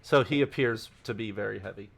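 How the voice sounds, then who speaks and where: A man playing a tabletop game, describing his character's actions in a halting, hesitant way. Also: fairly low pitch, gravelly. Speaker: player. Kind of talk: casual tabletop narration.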